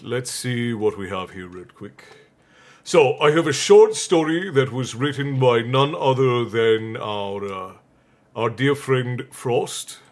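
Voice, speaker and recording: Chatty man hosting a livestream. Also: mid-range voice. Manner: chatty, laughs often, reads out viewer messages. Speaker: livestream host. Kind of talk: casual livestream chat.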